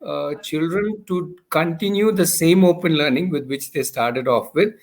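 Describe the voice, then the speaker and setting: A man, a founder in a relaxed conversation, explaining his ideas patiently with examples and frequent restarts. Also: a little high, normal speed. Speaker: founder of a learning community, guest. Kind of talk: casual conversation.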